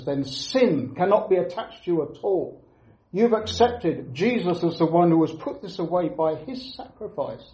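A man preaching a sermon, earnest and emphatic, repeating key phrases with pauses between them. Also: high voice, mellow. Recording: echoey room, dull lo-fi sound.

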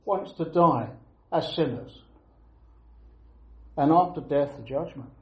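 Earnest preacher in an echoey room. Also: male voice, on the high side. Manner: earnest, emphatic, with repeated phrases and pauses. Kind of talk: sermon. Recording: echoey room, dull lo-fi sound.

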